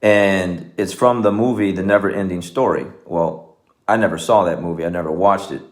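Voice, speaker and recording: A man's voice: low-pitched, moderate pace. A man, a martial arts coach, talking casually and earnestly to his viewers, rambling with many fillers and restarts. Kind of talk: casual talk to camera.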